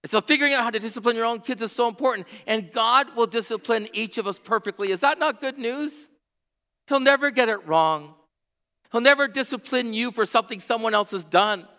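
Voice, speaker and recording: Impassioned middle-aged pastor, bright reverberant voice. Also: male voice, very high-pitched. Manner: impassioned, rhythmic repetition, swinging from hushed to near-shouting. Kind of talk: sermon. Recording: long reverb of a large hall.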